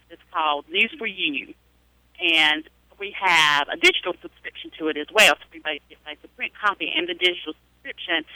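Southern woman, bright and chatty. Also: on the low side, no room sound, poor audio. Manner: chatty, many hesitations and fillers. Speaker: adult literacy and ESL teacher. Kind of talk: live radio interview. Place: public library.

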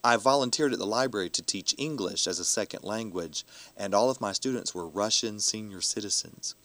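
A man's voice: fairly low pitch, brisk, a bit bright, no room sound. A man who is a professional storyteller, talking animatedly in a casual interview, laughing often and acting out the people he quotes.

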